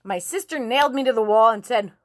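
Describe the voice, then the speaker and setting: A woman in her forties talks straight to her viewers in a frank, emotional vlog, swearing freely and breaking into laughs. Her voice sits fairly high. The sound is dry, with no room echo. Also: fairly quick. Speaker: nurse and self-help vlogger. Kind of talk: candid motivational vlog talk.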